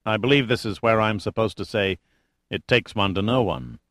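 A man's voice: fairly low pitch, normal speed, a bit bright, no echo, close to an everyday voice. A male narrator voicing a defiant, sarcastic male adventurer who talks bluntly and casually. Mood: wry.

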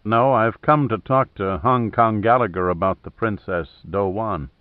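A man voicing a calm, polite male investigator who speaks plainly. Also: on the low side, measured pace, dry recording, natural voice. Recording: thin phone-like dry audio.

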